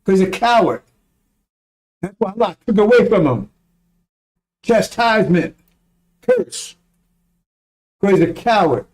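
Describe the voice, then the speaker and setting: A man's voice: high-pitched, animated, unhurried, long pauses, darkish tone. A man giving a rambling, emphatic religious talk, swearing when he gets worked up. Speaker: religious teacher. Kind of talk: informal religious teaching.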